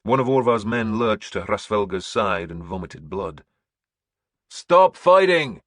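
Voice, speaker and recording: A man narrating an audiobook in a grim, measured storytelling manner. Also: lowish voice, fairly bright tone, slightly rough, dry recording, studio quality.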